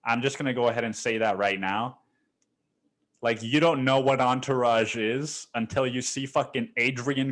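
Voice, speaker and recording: A man's voice: medium pitch, lively intonation, normal speed. Guy rambling on his own podcast, swears a ton, says dude every other line, laid back. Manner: loose, laid-back storytelling with restarts. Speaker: podcast host. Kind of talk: casual solo podcast monologue.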